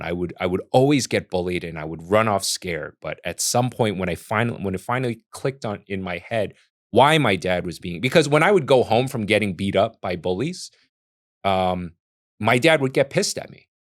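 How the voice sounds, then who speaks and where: A man's voice: deep voice, expressive, normal speed. A man hosting a reaction video, talking in an earnest, reflective and casual way with frequent restarts. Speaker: chef and reaction video host.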